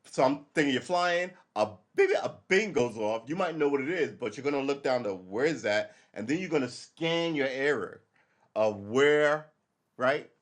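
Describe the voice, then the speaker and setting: Brief: middle-aged male streamer, casual profane commentary, mid-pitch voice, rambles and acts out quick bits of dialogue. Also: expressive. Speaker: live stream host. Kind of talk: casual live commentary, reacting to a news article.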